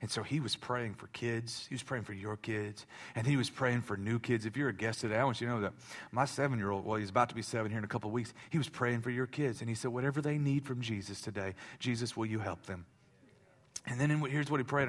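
A male pastor in his thirties preaching a sermon, swinging between loud impassioned preaching and soft confiding talk, with many stammering restarts. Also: mid-range voice, quick pace.

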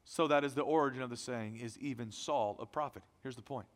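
A man preaching a sermon as pastor, emphatic, swinging between loud declarations and hushed lines. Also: mid-range voice, a little fast. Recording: long reverb of a large hall.

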